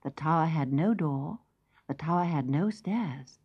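A woman narrating a children's fairy tale in a slow, expressive sing-song, dropping at times to soft whispers, on a lo-fi tape. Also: sits low, breathy edge. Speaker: storyteller. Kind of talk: scripted children's story narration. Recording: lo-fi tape with faint music.

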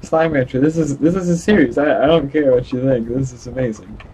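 A man's voice: medium pitch, fairly quick, darkish tone, a little hiss or hum, low-quality recording. A young man hosting a casual gameplay video, laughing often and stumbling over his words. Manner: giggly, stammering, playful. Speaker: gaming channel host.

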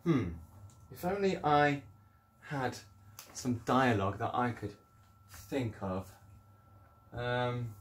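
Speaking slowly and pausing often, this male primary school teacher has a mid-range voice. His video lesson is upbeat and encouraging, and he sometimes performs voices while explaining, all in an echoey room.

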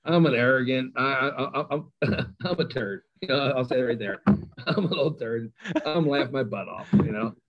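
A middle-aged man with a Kentucky accent, a high school coach telling stories as a guest, self-mocking and laughing often. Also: moderate pace. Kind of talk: casual storytelling interview. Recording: slightly dull lo-fi sound.

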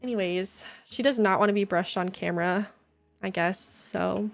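A woman's voice: medium pitch, moderate pace, creaky. A young woman live-streaming at home, joking and self-deprecating as she plays and reads her chat aloud. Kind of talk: casual live-stream chat while playing.

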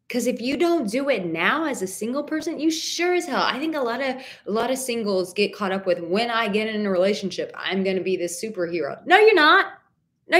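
A woman relationship coach answering viewers' questions in a live stream Q&A, candid and emphatic, casually swearing and calling viewers honey and darling. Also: fairly high pitch. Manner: warm pet names for viewers.

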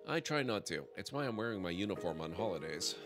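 A cheerful, naive police sidekick from a retro adventure game, read aloud by a man, earnest and goofy. His voice is low. Music plays in the background. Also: expressive, quick pace. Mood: cheery.

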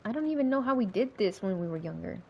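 Lively, excitable woman streamer. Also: mid-range voice, fast, creaky, dull audio, slight background noise. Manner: excitable, swears often, laughs, panicky outbursts. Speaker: livestreamer. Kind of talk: casual gameplay commentary.

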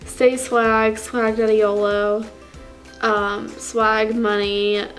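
A woman's voice: fairly high pitch, little pitch movement, drawn-out words. A woman vlogger giving a chatty, playful sign-off to her viewers, with faint music behind her. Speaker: vlogger host. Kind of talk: casual video outro.

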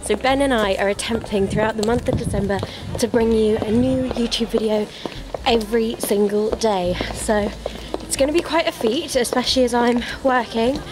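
A woman's voice: fairly high pitch, normal speed, rough recording. A woman, ill and out of breath, chatting casually to camera as a vlog host with plenty of fillers. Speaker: vlogger host. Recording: loud music behind.

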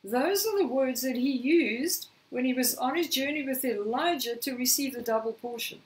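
A woman preaching a sermon, slightly hoarse, telling a scripture story and acting out the quoted lines. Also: sits high, moderate pace, recorded from a distance, low-quality recording. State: slightly hoarse, clearing throat.

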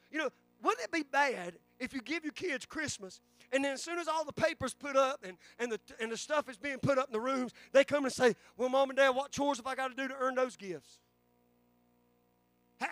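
A fervent pastor in his forties, preaching with a very high-pitched voice that keeps stumbling and restarting as he drives his point home. The sound is close and dry, with faint music underneath. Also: a bit bright, no echo. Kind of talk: sermon. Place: church sanctuary.

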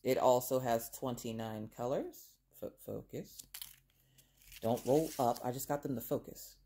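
A woman's voice: very deep voice, a little slow, warm tone. A woman vlogger, chatting casually and expressively to viewers while unboxing craft kits.

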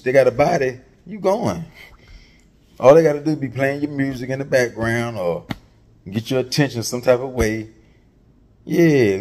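A man's voice: medium pitch, mellow. A man giving casual hip-hop street commentary, taunting and profane, repeating his lines and tagging them with "man.".

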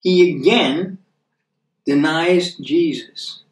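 A man with an American accent teaches from the Bible in a relaxed, conversational way, checking in with his listeners as he goes and slowing down when he reads scripture. His voice sits a little high for a man. He sounds set back from the mic in an echoey room. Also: distant mic. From United States. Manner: chatty, checks in with tag questions like "okay?" and "right?".

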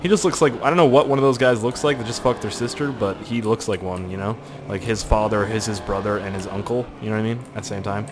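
Quick-paced and with hardly any pauses, a young gaming video host from Nova Scotia, Canada, comments casually on gameplay in a lowish voice of fairly even intonation, with background noise. He rambles, gets crude, swears often, sounds like his throat is irritated, and puts on silly voices when quoting people.

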